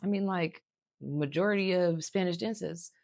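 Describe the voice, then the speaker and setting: A woman's voice: fairly low pitch, a little slow, darkish tone, dry recording, studio quality. A young woman co-hosting a casual podcast, blunt and joking, swearing freely. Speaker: podcast co-host.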